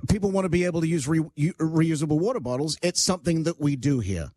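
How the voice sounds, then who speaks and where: A man's voice: fairly high pitch, expressive, quick pace, mellow, no echo, clean studio sound. A male talk radio host chatting casually, teasing callers and ranting wryly. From Canada. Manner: wry, teasing, ranting asides.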